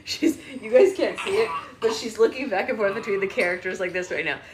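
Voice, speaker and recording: A mother leads a book-club read-aloud from home via phone livestream, coaxing her toddler with playful baby-talk. She talks fairly quickly in a mid-range voice, with heavy noise and roomy echo around her.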